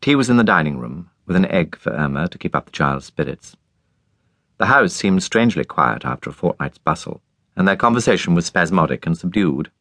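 A man narrating a classic novel, measured and lively, giving each character a voice. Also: sits low, no room sound. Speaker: audiobook narrator. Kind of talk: scripted narration. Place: dry recording booth. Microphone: close studio mic.

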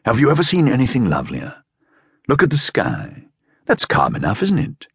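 A man's voice: mid-range voice, huge pitch swings, normal speed, creaky, fairly bright tone, husky, no echo, studio quality, voice pushed up, full character voice. A man voicing a cool, mysterious young man who teases and coaxes, in an audiobook. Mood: persuasive. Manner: cool, teasing, coolly persuasive. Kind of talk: audiobook character voice.

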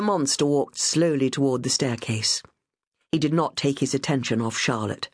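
A woman narrating a period novel as an audiobook, in a measured, dramatic storytelling manner. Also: a bass voice, darkish tone, slightly rough, no room sound, clean studio sound. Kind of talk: scripted narration.

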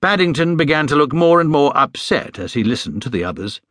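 Brief: expressive storybook reader, male, lively pitch, dry studio sound. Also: a little fast, dry recording. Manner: expressive, gently humorous. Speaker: audiobook narrator. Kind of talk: scripted storybook narration. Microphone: studio microphone.

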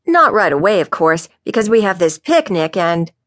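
A woman's voice: fairly low pitch, big pitch swings, moderate pace, a bit bright. A woman reading an audiobook voices an eager young male police officer who talks in a chipper, teasing way.

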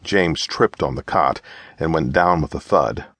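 A man reading a historical novel aloud as audiobook narrator, in measured storytelling. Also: extremely low pitch, a bit bright, no room sound. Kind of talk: scripted narration.

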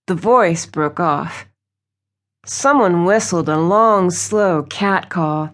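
A woman reading a romance novel aloud as an audiobook narrator, with smooth, even storytelling. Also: lowish voice, slow pace. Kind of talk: scripted narration.

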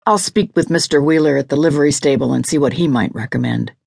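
Measured husband, low and gravelly, read by a woman narrator; storybook tone. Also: dry recording, clean studio sound, heavily acted. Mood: reasoning. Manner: calm, measured. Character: grown man, calm, measured husband.

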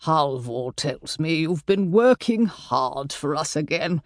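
A woman narrator voicing a courteous middle-aged gentleman painter in an audiobook, with gentle, measured politeness. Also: low voice, expressive, dry recording, clean studio sound, pitched below the performer's own voice, exaggerated voice. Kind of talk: audiobook character voice.

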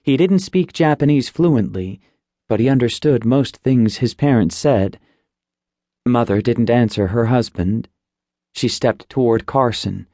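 A man narrating an audiobook in a steady, plain storytelling voice. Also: mid-range voice, a little slow, no room sound, clean studio sound. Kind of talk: scripted narration. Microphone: close studio mic.

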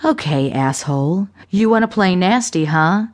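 A cold, vicious woman who swears freely and taunts her victim with contempt, as a woman narrator puts her on. She speaks slowly, dragging out her words with a raised, hard edge. An audiobook thriller performance. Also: lowish voice, lively intonation, darkish tone. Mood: menacing. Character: ruthless foul-mouthed woman, cold and vicious.

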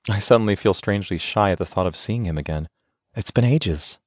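A man's voice: on the low side, a little fast, no room sound, clean studio sound, natural voice. A man narrating an audiobook voices a resentful, nervous young wife who speaks in a clipped way through gritted teeth. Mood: excited.

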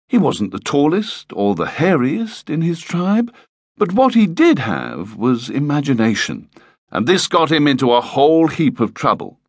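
A man's voice: a little high, huge pitch swings, a little slow, dry recording, clean studio sound. Playful male storybook narrator. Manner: playful, lightly comic storytelling. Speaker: audiobook narrator.

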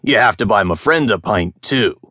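A man voicing a boastful former pirate who tells tall tales in rough dialect. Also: lowish voice, animated, moderate pace, pushed and bright, no echo, clean studio sound. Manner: swaggering, dialect speech. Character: boastful old male ex-pirate storyteller.

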